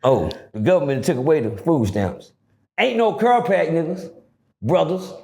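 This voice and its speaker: A middle-aged man telling prison stories in an animated way, acting out other people's voices and swearing freely. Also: normal speed, creaky. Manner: acts out voices, swings pitch widely, swears freely. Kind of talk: animated storytelling.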